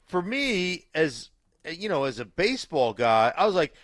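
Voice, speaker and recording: A man's voice: fairly high pitch, very animated, measured pace, fairly bright tone, dry recording, clean studio sound. A man co-hosting sports radio, telling a ballgame story in a casual, rambling way. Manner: rambling storyteller, many fillers, "like" and restarts.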